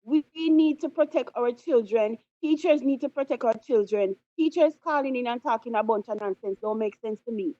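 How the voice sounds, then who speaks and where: A woman's voice: fairly high pitch, normal speed, few pauses, warm tone, no echo. A woman calling in to a show, speaking passionately and indignantly because she is upset. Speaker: caller. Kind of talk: impassioned phone-in comments. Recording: dull lo-fi phone line.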